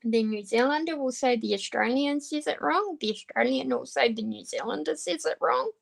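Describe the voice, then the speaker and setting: A woman's voice: high-pitched, very animated, moderate pace, gravelly. A woman chatting casually with viewers while crafting, hesitant and full of ums as she answers them. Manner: hesitant, many ums and restarts. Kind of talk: casual chat while diamond painting.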